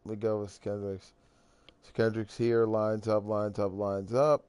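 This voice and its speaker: A tired man yawning his way through a casual recap of a football video game, talking in slow, halting phrases that trail off. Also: lowish voice, fairly even intonation, darkish tone, no room sound. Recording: clear background noise.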